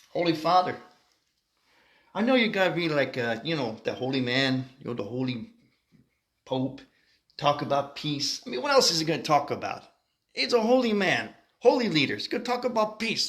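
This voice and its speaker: A man's voice: fairly high pitch, sing-song, normal speed, pauses often, fairly bright tone. A man doing a brash Chicago South Side guy. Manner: blunt slangy talk with lots of "you know". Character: brash street-talking adult male Chicago South Sider. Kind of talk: comic character monologue.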